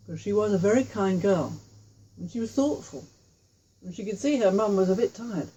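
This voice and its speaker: A woman's voice: medium pitch, moderate pace, mellow, breathy edge, poor audio. A woman telling a children's story with tabletop puppets, chatty, with asides to the children.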